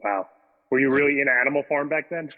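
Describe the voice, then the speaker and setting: A man's voice: mid-range voice, fast, big-room sound, narrow, tinny audio. A man on a podcast, a comedian guest, cracking wry quips in casual chat and laughing a lot.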